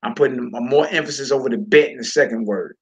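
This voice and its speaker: A man's voice: mid-range voice, fast talker. A man teaching a reading lesson, patient and encouraging, repeating words and checking in with the learner often.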